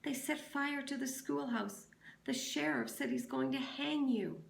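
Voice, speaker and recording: A woman's voice: high voice, unhurried, creaky, recorded from a distance, pitched above the performer's own voice, full character voice. A woman doing a desperate young schoolteacher. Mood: urgent. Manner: urgent, breathless pleading. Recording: echoey room.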